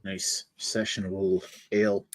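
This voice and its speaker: A man with a low, level voice speaks a little slowly in a dry recording. He's a panelist on a beer podcast, chatting casually as he talks through a can and its label, reading the can's copy aloud in a hammed-up Canadian twang.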